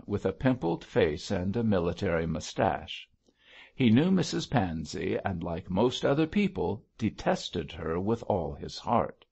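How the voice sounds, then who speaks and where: A man narrating an audiobook in a steady storytelling read. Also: lowish voice, vocal fry, slightly rough, muffled recording. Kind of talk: scripted narration.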